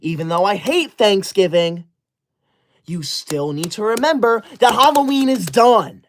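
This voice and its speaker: A man's voice: high-pitched, animated, unhurried, slight background noise. A man in his twenties hosting a livestream, reading chat comments and scolding viewers like a strict teacher. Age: 20s. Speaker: livestream host.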